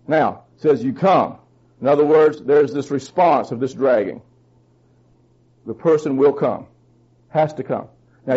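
Fervent husky preacher man. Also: a little mellow, muffled recording. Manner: fervent, emphatic, rises in pitch when stressing points; asks the congregation questions. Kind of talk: sermon.

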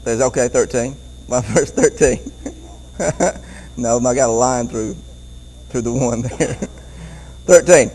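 A man preaching a Bible-teaching sermon, animated, often repeating words and chuckling as he goes. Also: medium pitch, takes it slowly, long pauses, rough recording.

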